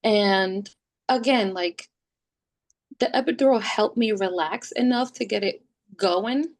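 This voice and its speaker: Lively woman telling her story. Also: medium pitch, takes it slowly. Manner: lively, acts out quoted voices. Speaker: podcast guest. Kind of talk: casual storytelling.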